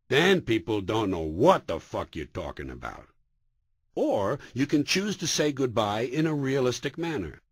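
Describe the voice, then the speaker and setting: A man from the United States doing a stand-up comedy routine, sardonic and profane, with sharp comic timing. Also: mid-range voice, very animated, normal speed, slightly rough, dry recording.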